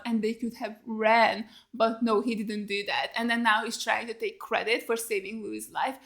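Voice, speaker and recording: A woman's voice: a little high, normal speed, hardly any pauses, fairly bright tone. A woman giving casual reaction commentary on a TV episode, blunt and heavily profane, upset and exasperated, firing rhetorical questions and filling her talk with "like". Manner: blunt and heavily profane, talking straight at the screen. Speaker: YouTube reactor watching a TV series.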